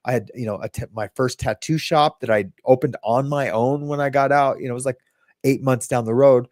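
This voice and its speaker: A man's voice: mid-range voice, steady tone, brisk, darkish tone, no echo, clean studio sound. A man hosting a podcast, telling his own recovery story in a casual, rambling way, with many restarts and quoted lines.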